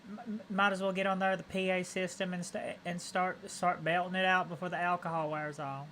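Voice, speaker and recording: A goofy male streamer talking over his game in a slightly high voice, rambling and tripping over words as he chuckles at his own play. A faint hiss runs underneath. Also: level tone, brisk, bright, forceful tone. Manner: goofy, rambling, laughs at himself. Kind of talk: casual let's-play commentary.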